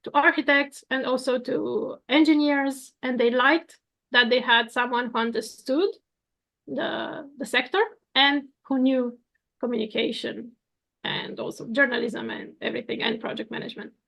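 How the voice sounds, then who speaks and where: Woman, 30s, from Romania, high voice, gravelly, earnest. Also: fairly even intonation, normal speed, a bit bright. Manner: earnest, with light laughs. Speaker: coaching guest, architect and coach. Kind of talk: casual conversation.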